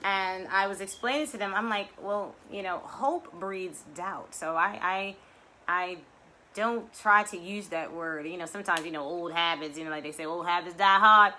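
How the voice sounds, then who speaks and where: A woman's voice: fairly low pitch, normal speed, pushed and bright, a little hiss or hum. A woman leading guided breathing and a motivational talk in a live virtual session, effusive and chatty with lots of "you know". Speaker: affirmation and mindset teacher leading a weekly online session.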